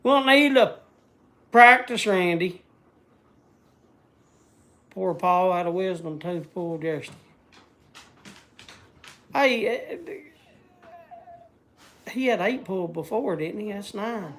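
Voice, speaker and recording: A man's voice: sits high, animated, slow, long pauses, bright, forceful tone, a little hiss or hum. Man, casual stream chat, rambling, folksy. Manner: rambling, folksy, searches for words. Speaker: vlogger.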